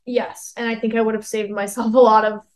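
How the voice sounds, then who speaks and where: A woman in her twenties co-hosts a podcast, rambling through a casual story packed with "like" and acted-out quotes. Her fairly high voice moves little in pitch, and she talks briskly on a low-quality recording.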